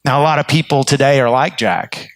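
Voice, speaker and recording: A man's voice: mid-range voice, a little fast, no room sound. A man preaching a sermon as pastor, telling stories earnestly and restarting his phrases often. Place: church sanctuary.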